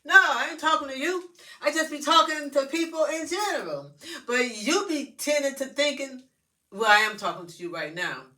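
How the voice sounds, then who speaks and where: A woman's voice: high-pitched, animated, moderate pace, bright, forceful tone. A woman vlogger talking straight to her followers in a loose, rambling, profane monologue. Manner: chatty, loose and profane, addresses viewers directly. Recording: voice a bit far from the mic.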